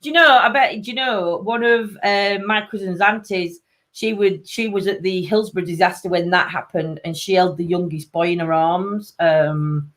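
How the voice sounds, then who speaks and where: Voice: medium pitch, normal speed, a bit bright. A host with a Sheffield accent chatting casually on a live stream, reading out viewer comments, laughing often and trailing off mid-sentence. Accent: Sheffield, Yorkshire. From England.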